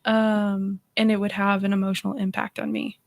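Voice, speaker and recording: A woman's voice: mid-range voice, flat delivery, dry recording. A woman speaks as a counselor on a radio talk show, explaining patiently and steadily with plenty of fillers. Her tone stays level, and the studio sound is dry and close. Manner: measured, explanatory, uses fillers. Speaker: guest counselor.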